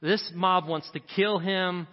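A middle-aged male pastor delivers a sermon in a high, slightly raised voice with fairly even intonation, pressing his points with rising emphasis and tossing quick asides to the crowd. The audio is a little dull, and long reverb from a large church hall rings after every line.

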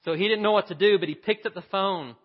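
A man's voice: high voice, fast talker, lo-fi sound, a little hiss or hum. Man preaching in an echoing hall. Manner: animated, acts out the voices in his story. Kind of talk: sermon storytelling.

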